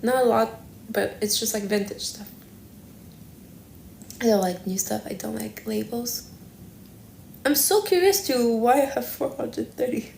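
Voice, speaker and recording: Here the woman's voice is on the higher side, gravelly yet a bit mellow, unhurried and broken by long pauses. She's hosting a relaxed livestream, musing aloud, drifting and correcting herself in an echoing room with faint background noise.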